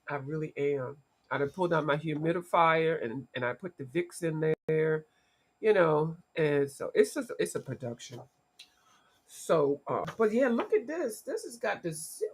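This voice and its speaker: Her voice is low-pitched, husky and animated, moving at normal speed. She's a livestream host in a casual stream, congested from allergies that have deepened her voice, chatting with her viewers by name.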